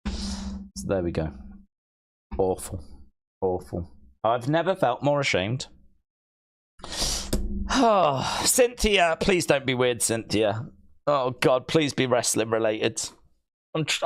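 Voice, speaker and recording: Hosting a live stream in a mid-range voice, a man chats casually and reads viewer comments aloud. He playfully mock-scolds the viewers, calling them kids.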